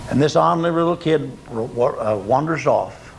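An older man from Oklahoma, preaching a sermon in a folksy storytelling way, rising to loud emphatic peaks and dropping to quiet low lines. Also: lively intonation, moderate pace, vocal fry, slight background noise, poor audio.

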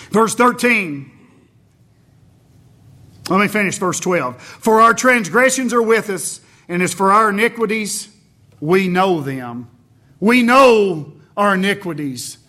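Male Baptist preacher, high bright voice, fervent sermon delivery. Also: expressive, normal speed. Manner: impassioned preaching, swings between loud emphasis and low intensity.

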